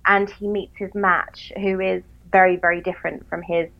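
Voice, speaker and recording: A woman's voice: on the low side, flat delivery, moderate pace, lo-fi sound. A woman from England with a Southern English accent, co-hosting a casual book chat in a dry, self-mocking way and laughing often. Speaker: podcast co-host.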